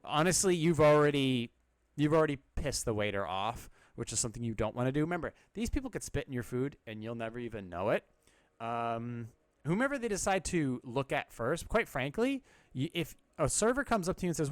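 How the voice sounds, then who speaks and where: A man's voice: mid-range voice, sing-song, a little fast, dry recording, soft background music. A man hosting an advice podcast, answering listener questions in a blunt, sarcastic way and swearing freely.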